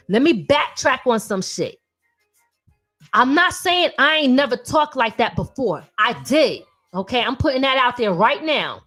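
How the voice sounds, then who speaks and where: A woman's voice: high-pitched, expressive, measured pace, fairly bright tone, faint music behind. A woman in her thirties hosting a podcast, an independent artist talking bluntly and animatedly with lots of profanity. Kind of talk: casual opinionated talk.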